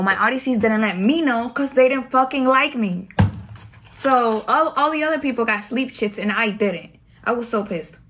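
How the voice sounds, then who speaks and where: A woman's voice: a little high, fairly bright tone, a little hiss or hum. A young adult woman vlogger from the United States recounts her Navy boot camp days in a casual storytime, talking in a slangy, candid and profane way.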